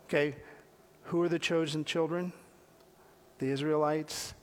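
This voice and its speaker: Man, conversational preacher with a high voice, asks the congregation questions and repeats phrases. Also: little pitch movement, a little slow. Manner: talks directly to listeners with questions, repeating phrases. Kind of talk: conversational sermon.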